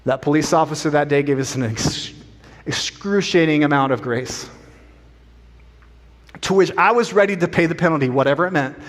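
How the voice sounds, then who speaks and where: Middle-aged pastor guy telling a story on himself, lively, voice rings around a big church. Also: on the high side, moderate pace, pauses often. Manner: animated, self-deprecating storyteller. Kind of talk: sermon with personal storytelling. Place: church sanctuary. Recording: long church hall reverb.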